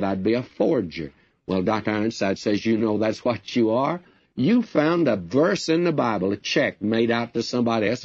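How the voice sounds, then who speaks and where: A man's voice: mid-range voice, dry recording, dull audio. An older man preaching a sermon, folksy and direct, calling his listeners friends. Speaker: radio Bible teacher.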